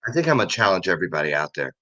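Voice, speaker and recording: A man's voice: deep voice, big pitch swings, rapid-fire, fairly bright tone, lo-fi sound. A man in his fifties hosting a casual talk show, rambling and joking with frequent laughs. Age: over 50. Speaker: host. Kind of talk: casual chat show monologue.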